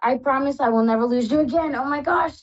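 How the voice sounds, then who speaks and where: A woman's voice: high-pitched, fast, muffled recording. A woman hosting a live call-in psychic reading show, effusive and tearful, calling callers "love".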